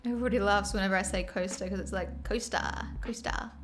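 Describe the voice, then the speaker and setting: A woman's voice: mid-range voice, fairly even intonation, very fast, music in the background. An Australian woman streamer chatting casually and laughing as she reads her chat aloud.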